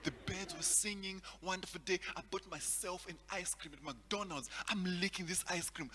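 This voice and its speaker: A man performs stand-up comedy in a high, bright, very lively voice, stumbling over repeated words and chuckling at his jokes. His voice rings with a long reverb over a faint hum. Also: normal speed. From Zimbabwe. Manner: animated, repeats words, laughs at own jokes.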